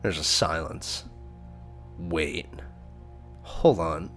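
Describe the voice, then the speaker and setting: A man reading a visual novel aloud, narrating and adding relaxed side comments. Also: deep voice, a little slow, faint music behind. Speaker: game narrator and player.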